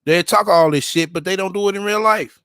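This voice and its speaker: A man's voice: sits high, a little fast, a bit bright, smooth, no room sound, clean studio sound. A man giving profane, mocking reaction commentary on a clip, talking back to it with sarcasm. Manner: sarcastic, mocking, heavy swearing.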